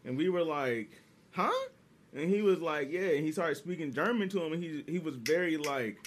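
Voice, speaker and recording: A man's voice: on the high side, normal speed. A young man rambling through stories in casual podcast chat. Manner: rambling, animated storyteller.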